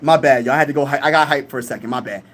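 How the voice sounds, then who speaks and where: A man's voice: mid-range voice, racing, noisy background. A young man hosting a live stream in casual chat, reading comments aloud and talking boastfully.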